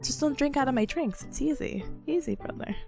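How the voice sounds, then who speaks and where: A young woman streamer chatting casually with a hoarse, sick voice, bubbly and giggly as she greets viewers. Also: sits high, expressive, brisk. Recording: faint music in the background.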